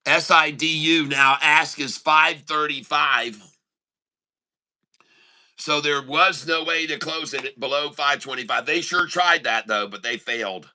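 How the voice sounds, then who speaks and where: A man's voice: on the high side, unhurried, bright, forceful tone. A middle-aged man hosting a day-trading livestream, chatting casually with viewers and telling a joke, rambling with lots of fillers. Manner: rambling, filler-heavy, answers chat mid-story. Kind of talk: casual live-stream chat and joke telling.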